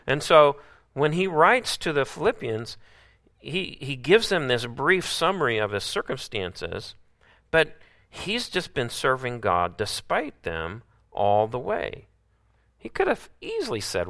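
A man's voice: medium pitch, wildly swooping pitch, unhurried, pushed and bright. A man preaching a sermon, often putting rhetorical questions to his listeners.

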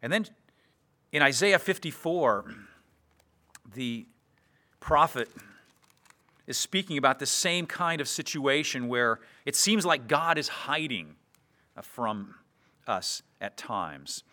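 A man preaching an expository sermon, earnest, slowing down to read scripture verses aloud. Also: mid-range voice, animated, bright, forceful tone.

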